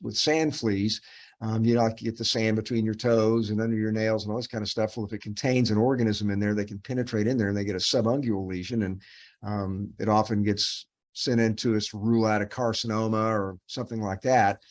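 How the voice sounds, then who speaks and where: A middle-aged dermatopathologist with a low, flat voice talks fairly quickly while reviewing cases with a resident. His teaching is loose and rambling, full of fillers and restarts.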